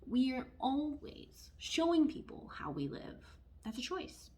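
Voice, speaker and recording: A woman giving a casual tarot reading, chatty and expressive, who often drops into hushed asides. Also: high-pitched, unhurried. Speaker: tarot reader.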